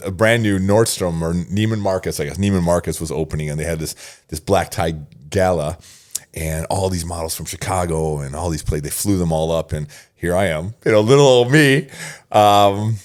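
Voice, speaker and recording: A man in his fifties, a podcast guest telling stories in a casual interview, animated, laughing often and repeating phrases. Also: low-pitched, moderate pace.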